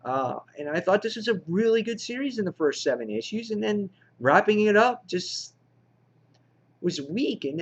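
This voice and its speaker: Male comic reviewer, casual rambling chat, higher voice, lo-fi home sound. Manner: rambling, frustrated, many fillers.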